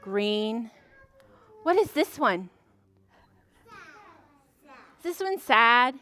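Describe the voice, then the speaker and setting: A woman librarian leads a preschool story time, speaking to small children in an animated, sing-song way and gasping in surprise. Her pitch is fairly high and she talks extremely slowly.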